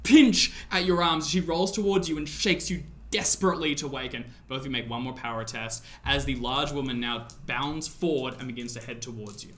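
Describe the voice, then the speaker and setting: A man's voice: mid-range voice, fairly quick, few pauses, a bit bright. Man narrating a tabletop horror game. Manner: descriptive, loose with fillers like "sort of". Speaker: game master.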